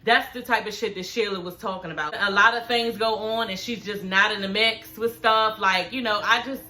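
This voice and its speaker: A woman's voice: mid-range voice, fairly even intonation, normal speed, bright, forceful tone. A woman in her forties recapping a reality show in casual chat, sassy and profane, calling her viewers honey and girl. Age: 40s.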